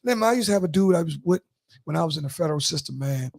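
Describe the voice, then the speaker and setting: A podcast host telling animated, profane stories in street slang during a casual chat. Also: male voice, fairly high pitch, racing, gravelly.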